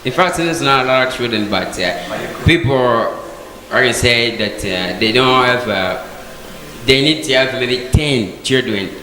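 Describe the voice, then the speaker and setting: A man in a discussion group speaking hesitantly, pausing to search for words. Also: mid-range voice, animated, crowd noise. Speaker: debate participant. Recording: echoey hall with faint background noise.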